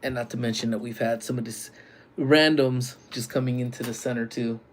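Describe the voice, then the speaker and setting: A man working security, chatting casually with viewers on a live stream from work, using relaxed slang and calling out loud greetings to people joining. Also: mid-range voice, a little fast, a little hiss or hum. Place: workplace community center.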